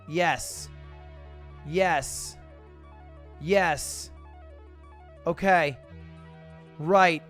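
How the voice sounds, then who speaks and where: A young male streamer commentating casually as he thinks out loud, slipping into mock-grand boasts. His voice sits a little high, with quiet music underneath. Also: very slow, long pauses.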